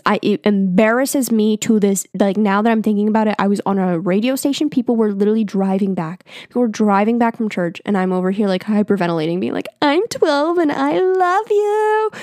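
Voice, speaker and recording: A woman's voice: mid-range voice, warm tone, no room sound, studio quality. Chatty young woman telling stories. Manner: chatty, filler-heavy, profane, self-mocking. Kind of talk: casual storytelling monologue.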